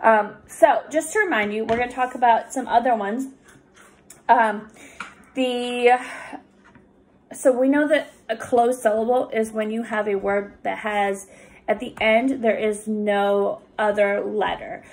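Patient tutor woman, slow explaining. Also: fairly high pitch, fairly even intonation, darkish tone. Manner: patient, explains slowly with many fillers. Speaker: reading tutor. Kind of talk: recorded lesson for students.

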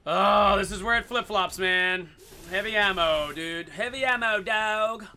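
A man giving goofy, excitable commentary over his own gameplay, swearing in silly made-up phrases. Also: sits high, unhurried.

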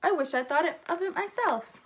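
A woman doing a kind, excitable storybook state. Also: on the high side, a little fast, slight background noise. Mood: excited. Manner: kind, excitable, shrieking with delight.

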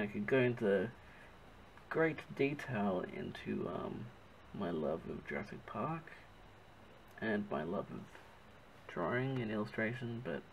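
An Australian man talks through his drawing in a loose, chatty ramble, correcting himself as he hunts for words. His voice is gravelly, with fry in it. A faint background hiss sits under the recording. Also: fairly low pitch, rough recording. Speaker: artist narrating his drawing. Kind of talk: casual rambling commentary while drawing.

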